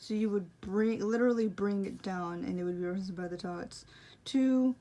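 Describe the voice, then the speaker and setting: A woman's voice: mid-range voice, normal speed, mellow. A young woman casually explaining braille punctuation, rambling and apologizing for her explanations. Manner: self-deprecating, rambling, apologetic. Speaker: braille teacher. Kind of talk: casual tutorial.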